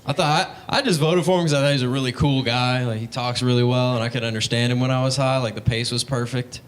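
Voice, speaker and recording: A young male stand-up comic works a comedy club stage, telling laid-back stories and slipping into voices. His pitch stays in the middle range. Some faint noise runs under the set. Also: fairly even intonation, fast talker. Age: young adult.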